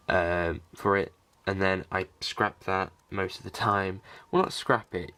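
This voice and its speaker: A man's voice: deep voice, bright, forceful tone. A man vlogging behind the scenes in a casual, rambling way, with many fillers and restarts. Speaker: vlogger, filmmaker.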